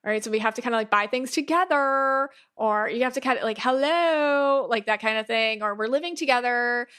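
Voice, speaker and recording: A woman hosting a podcast, talking in a chatty, animated way with lots of fillers and playful quoted asides. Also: fairly high pitch, fast, clean tone. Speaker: podcast host. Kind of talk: casual podcast monologue.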